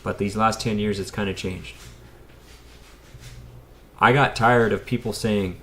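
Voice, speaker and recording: A man's voice: on the low side, fairly even intonation, normal speed, long pauses, a little hiss or hum. An American man in his thirties, an electrician, chatting casually on a live stream, rambling and talking straight to his viewers. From United States. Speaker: electrician and YouTuber.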